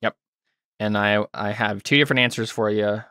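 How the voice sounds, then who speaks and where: A man's voice: on the low side, fairly even intonation, normal speed, sharp tone, clean tone, no room sound. Male game master, dry close mic, patient rules explanations, lots of ums. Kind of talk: running a tabletop game online.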